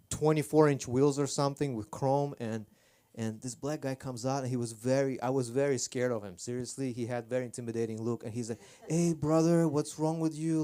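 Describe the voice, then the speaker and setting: A man's voice: mid-range voice, darkish tone, clean tone. A man performing rambling, self-deprecating stand-up on a comedy club stage. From Armenia.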